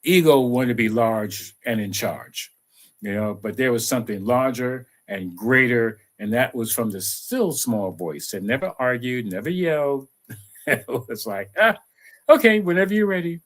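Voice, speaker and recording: Slow-talking man giving a spiritual talk. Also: medium pitch. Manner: unhurried, conversational, lots of "you know". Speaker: spiritual teacher.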